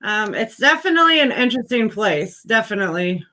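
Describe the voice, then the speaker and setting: A woman's voice: on the high side, sing-song, fairly quick, bright, forceful tone. A woman hosting a casual chat, easygoing, hesitant and self-deprecating. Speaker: host.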